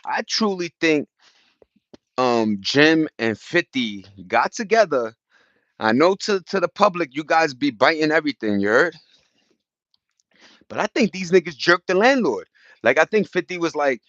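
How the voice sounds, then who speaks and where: Casting: New man hosting a casual livestream, lively up-and-down delivery, dry dull lo-fi phone-mic sound. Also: a little high, normal speed, no room sound. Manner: loose and chatty, shouting out viewers, bursts of laughter. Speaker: livestream host.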